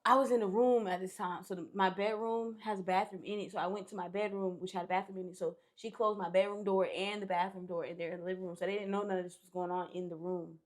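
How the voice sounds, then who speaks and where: A young woman guesting on a podcast, retelling a story in a casual, slangy way with a lot of swearing and loud, shouted bursts. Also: mid-range voice, fairly even intonation, fast talker, few pauses.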